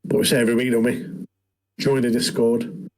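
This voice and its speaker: A man's voice: mid-range voice, little pitch movement, fairly quick, darkish tone, rough recording. A man, co-hosting a podcast in a rambling casual chat, saying "mate" all the time. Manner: rambling, says "mate" constantly. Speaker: podcast co-host.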